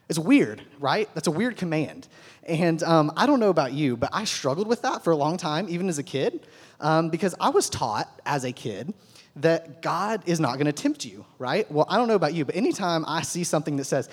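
A man's voice: fairly high pitch, lively intonation, fairly quick. A man giving a casual, conversational Bible lesson to a group, often checking in with his listeners. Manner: conversational, keeps asking "right?". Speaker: Bible teacher. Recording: long hall reverb.

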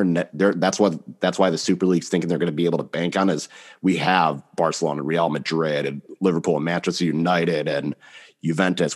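A man's voice: low-pitched, darkish tone. A man with a blunt, casual manner, swearing freely while chatting about soccer on a podcast. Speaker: podcast panelist.

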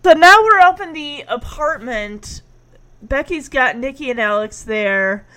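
A high-voiced woman chats casually through an episode recap. She giggles often and acts out the characters' lines as she goes. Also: animated, measured pace, bright, forceful tone.

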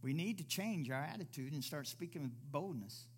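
Emphatic preacher, fairly high voice. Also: male voice, expressive, normal speed, slight background noise. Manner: emphatic, repeats rhetorical questions and acts out quoted voices. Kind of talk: sermon.

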